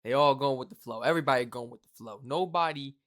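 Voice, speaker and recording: A young man from the United States giving casual, slangy reaction commentary, talking in an animated, exclaiming way. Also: medium pitch, fast. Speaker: reaction video host.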